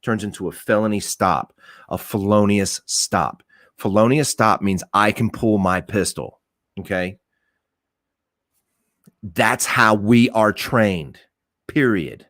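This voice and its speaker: A man's voice: fairly low pitch, takes it slowly, long pauses, fairly bright tone, no room sound, studio quality. A man, a police officer, giving his blunt, emphatic opinions on a podcast, swearing and repeating points for stress.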